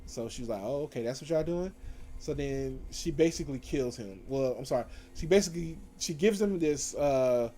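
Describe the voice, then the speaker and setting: Chatty man with a mellow voice. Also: mid-range voice, moderate pace. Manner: animated, slangy retelling with many fillers and self-corrections. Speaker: TV show reviewer. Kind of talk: casual recap with acted quotes.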